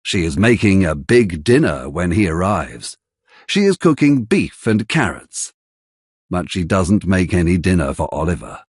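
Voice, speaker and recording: A man narrating a graded-reader storybook slowly and carefully, with an expressive, husky voice. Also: deep voice, no room sound, studio quality. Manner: careful, deliberate, expressive delivery. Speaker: audiobook narrator.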